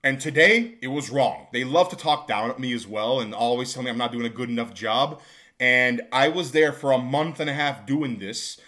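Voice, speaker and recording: A man's voice: medium pitch, moderate pace. A man telling a storytime vlog about a job, exasperated and ranting. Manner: exasperated, builds to shouting rants. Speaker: vlogger telling a work story. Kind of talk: storytime monologue.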